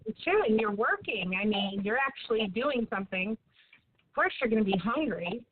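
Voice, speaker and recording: A woman hosting a casual interview, encouraging and quick to laugh. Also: on the high side, lively intonation. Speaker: host. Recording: tinny phone line with faint noise.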